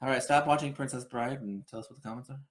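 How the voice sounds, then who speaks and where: A man's voice: mid-range voice, fast talker, slight background noise. A man co-hosting a casual podcast chat, teasing and bantering. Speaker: podcast co-host.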